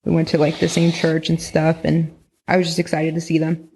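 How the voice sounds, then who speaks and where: Young woman, creaky voice, rambling casual storyteller full of "like" and swearing. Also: low voice, monotone, brisk, a little mellow, slight background noise. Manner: rambling, heavy use of "like", frequent swearing. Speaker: podcast guest recounting experiences.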